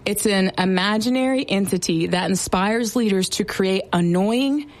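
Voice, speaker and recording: A woman's voice: mid-range voice, moderate pace. A young woman who serves as a sergeant, casually explaining military slang in a chatty, playful way with lots of fillers. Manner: chatty, filler-heavy, playful teasing asides.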